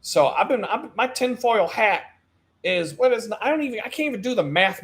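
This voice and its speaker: A man hosting his own live stream in an animated, profane ranting monologue, laughing at his own jokes as he goes. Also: sits high, normal speed.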